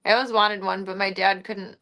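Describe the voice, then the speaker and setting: A woman's voice: mid-range voice, flat delivery, fairly quick. Chatty woman baby-talking her cat. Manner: playful baby talk to her cat, often dropping soft and hushed. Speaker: streamer. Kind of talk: casual livestream chat. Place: at home.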